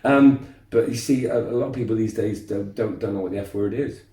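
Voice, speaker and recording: Older man, dark mellow tone, animated anecdotes, echoey room away from the mic. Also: fairly low pitch, quick pace, distant mic. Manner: animated, repeats words, lively anecdotes. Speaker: martial arts instructor guest. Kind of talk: casual interview storytelling. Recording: roomy echo, voice off-mic.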